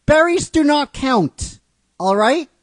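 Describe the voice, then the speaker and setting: A man's voice: very high-pitched, animated, takes it slowly, no room sound, pitched above the performer's own voice, heavily acted. A man voicing a sassy, hungry male electric mouse creature, raised well above his own voice, in a storytime reading of a fan script. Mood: indignant. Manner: sassy, complaining.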